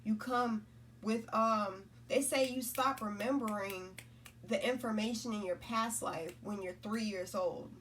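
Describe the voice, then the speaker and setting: A woman's voice: mid-range voice, a little slow, fairly bright tone, slight background noise. Rambling woman talking faith, slightly distant mic. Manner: rambling, repeats herself, lots of "right?" and "you know?". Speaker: spiritual content creator. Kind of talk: casual spiritual talk to camera.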